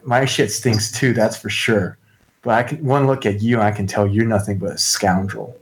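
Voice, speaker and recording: A hard-nosed young woman adventurer, as a man at a tabletop game plays her delivers blunt, scornful threats. The voice stays fairly low and unforced, close to an ordinary speaking voice. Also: fairly even intonation, moderate pace, natural voice. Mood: contemptuous. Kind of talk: tabletop role-play.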